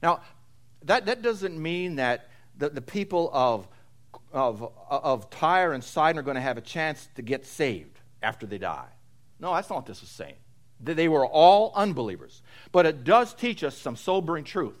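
Emphatic preacher, slightly high voice. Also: male voice, sing-song, moderate pace. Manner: swings from loud emphatic to low and quiet; repeats phrases for emphasis. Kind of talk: expository sermon.

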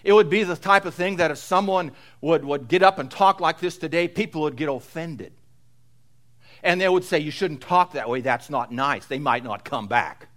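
Man, preacher; emphatic sermon delivery, a little high-pitched, dips to quiet low asides. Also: moderate pace. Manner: repeats phrases for emphasis. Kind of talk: expository sermon.

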